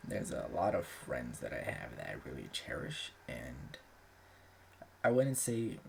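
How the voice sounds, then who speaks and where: A man's voice: a bass voice, huge pitch swings, measured pace, vocal fry, slight background noise. A young man talking in a loose, rambling way as host of his own channel, full of filler words and casual swearing. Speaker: aspiring author and channel host. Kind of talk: casual chat.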